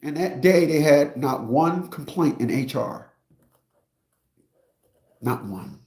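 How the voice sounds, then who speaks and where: A man's voice: a little high, a little slow, darkish tone. A man telling a story to his viewers in a casual, emphatic and profane rant, speaking straight to the audience. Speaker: streamer and commentator. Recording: roomy echo.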